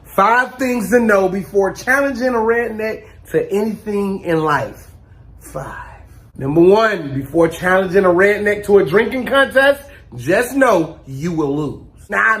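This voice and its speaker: High-voiced man doing loud comic rants. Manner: animated, loud bursts, drawling slang. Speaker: comedy creator. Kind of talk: comedic monologue.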